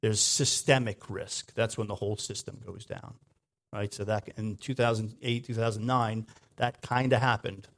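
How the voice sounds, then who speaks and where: A man giving a sermon in a conversational way, often checking in with "right?", moving between loud emphatic lines and quiet low asides. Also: steady tone, normal speed. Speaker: preacher.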